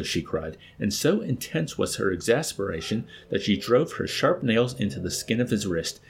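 A man's voice: lowish voice, big pitch swings, moderate pace, gravelly, few pauses, slight background noise. A man reading a novel aloud and then discussing it in a hesitant, thoughtful way.

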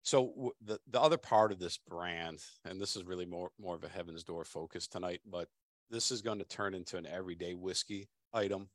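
Deep-voiced man talking about whiskey in halting bursts. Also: no echo. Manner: halting, restarts words, laughs easily. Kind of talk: casual tasting chat.

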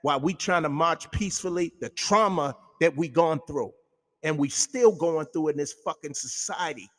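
A man rants through a heated, profanity-filled talk-show monologue. His voice sits a little high for a man. It carries a long, reverberant room sound. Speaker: radio show host.

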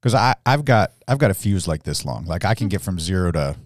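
A man's voice: low voice, very animated, brisk, no echo, studio quality. A man hosting a podcast, asking questions casually with self-deprecating jokes. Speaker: podcast host.

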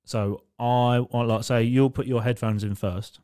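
A man's voice: mid-range voice, fairly even intonation, a little slow, dark tone, clean tone. Laid-back man laughing through casual chat. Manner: swears casually, laughs often, rambling explanations. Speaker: podcast co-host.

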